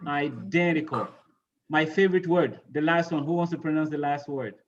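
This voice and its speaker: A man's voice: fairly high pitch, fairly even intonation, brisk, highs cut off, a little hiss or hum. A man teaching an English pronunciation lesson, patiently repeating words and quizzing his class on which syllable to stress.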